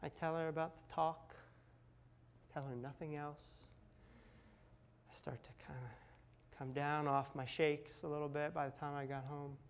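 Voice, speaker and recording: A middle-aged man with a somewhat high voice recounts a personal ordeal in a candid, confessional way. He builds tension, then drops to near-whispers at the tense moments. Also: flat delivery, moderate pace, pauses often, clear, resonant tone. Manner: candid, dramatic retelling with acted quotes and swings from loud to hushed. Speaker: speaker sharing a personal recovery story. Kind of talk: personal storytelling talk.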